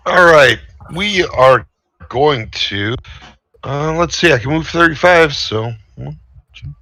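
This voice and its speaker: A man plays a tabletop game and thinks aloud as he works out his move. He talks slowly, and the recording is dry and close. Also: a little high, animated, bright, forceful tone, dry recording. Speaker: player. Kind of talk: casual tabletop play.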